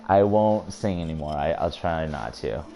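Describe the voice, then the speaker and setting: Deep, mellow-voiced streamer chatting casually. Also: male voice, lively intonation, moderate pace, vocal fry, faint music behind. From United States. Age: 20s. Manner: chatty, laughs often, many restarts. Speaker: live streamer. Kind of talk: casual live-stream chat.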